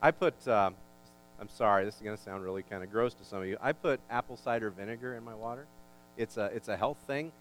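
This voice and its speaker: A male pastor preaching a sermon, building in pitch and volume for emphasis, with folksy asides and jokes. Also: quick pace, fairly bright tone, poor audio. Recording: faint mains hum.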